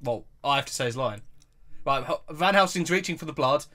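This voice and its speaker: A man's voice: mid-range voice, lively intonation, brisk, sharp tone. A young man giving a casual, laughing film commentary, swearing and cracking up constantly. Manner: giggly and profane, laughing constantly.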